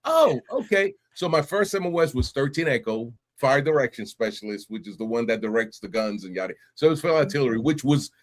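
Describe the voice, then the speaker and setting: Animated middle-aged man telling stories. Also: mid-range voice, fast talker, hardly any pauses. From New York. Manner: animated, laughs often, acts out voices in his stories. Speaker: podcast guest. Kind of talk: casual interview storytelling.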